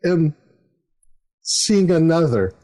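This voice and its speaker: A man's voice: on the high side, sing-song, mellow, pitched above the performer's own voice. A man doing a hesitant young woman with an Eastern European accent. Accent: Eastern European put on. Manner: halting, hesitant.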